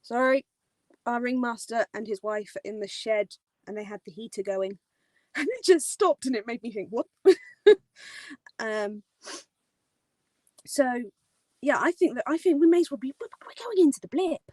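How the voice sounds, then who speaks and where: A woman with a high, bright-toned voice hosts a casual live-stream chat. She rambles excitedly, giggles often and leans on lots of fillers. The sound is dry and close to the mic. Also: measured pace, long pauses, no room sound, low-quality recording. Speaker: host of a live theme park chat.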